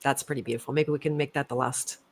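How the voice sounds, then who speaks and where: A woman's voice: extremely low pitch, steady tone, fast talker. A middle-aged woman in casual conversation, reflective, laughing at herself as she tells a story. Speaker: co-host.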